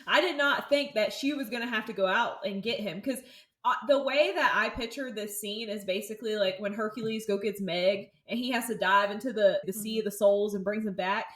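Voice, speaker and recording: A woman's voice: medium pitch, fairly quick, fairly bright tone, roomy sound. A young woman co-hosting a casual book podcast, laid-back and joking, with casual slang. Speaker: podcast co-host. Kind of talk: casual chat about a book.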